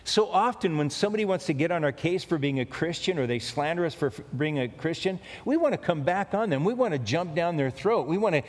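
A pastor giving a conversational sermon, often repeating key phrases for emphasis. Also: male voice, on the high side, lively intonation, fairly quick, hardly any pauses, in a large hall.

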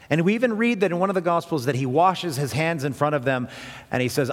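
A man preaching a sermon as pastor, earnest and emphatic, often restarting his phrases. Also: medium pitch. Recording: hall with long reverb.

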